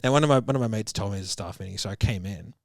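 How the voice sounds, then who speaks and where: A man's voice: lowish voice, rapid-fire, gravelly, dry recording, clean studio sound. A man in his thirties telling stories in casual chat, swearing often, laughing through them and acting out what people said. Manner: fillers like "like" and "bro", acts out quotes. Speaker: business coach and podcast guest.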